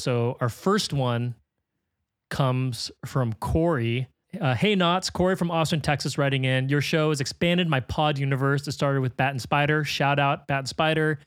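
A man hosts a film podcast, chatting casually and reading listener emails in an upbeat mood, laughing often. His voice is mid-range, recorded at studio quality with no room sound.

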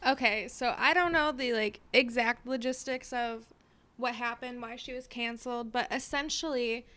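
A woman's voice: fairly high pitch, normal speed, a bit bright. A woman guest on a casual podcast, explaining things in a rambling, amused way with lots of fillers. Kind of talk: casual chat.

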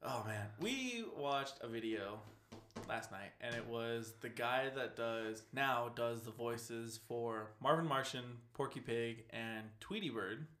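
A man's voice: medium pitch, animated, takes it slowly, bright, forceful tone, roomy sound. A young man in casual chat, rambling, laughing often and swearing offhandedly.

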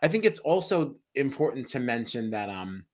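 A man's voice: medium pitch, big pitch swings, normal speed. A man co-hosting a podcast, animatedly recapping a reality show in casual chat, often laughing and acting out what people do. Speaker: podcast co-host.

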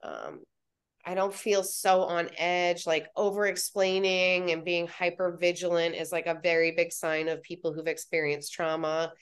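A woman guest on a podcast, telling stories in a casual, animated way, acting out what she and others said and often saying "like". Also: lowish voice, moderate pace, clear, resonant tone. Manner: animated storytelling, acting out her own quotes, frequent "like". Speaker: podcast guest, reality show participant.

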